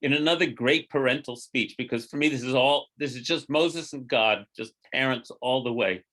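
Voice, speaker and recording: A middle-aged rabbi teaching an informal Torah class, telling the story with lively, acted-out quotes. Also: male voice, mid-range voice, moderate pace. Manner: animated storyteller, acting out quotes in lively voices.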